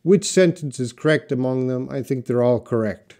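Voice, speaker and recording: A man teaching English in a live-stream Q&A, slowly and patiently answering viewer questions with example sentences. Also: medium pitch, warm tone.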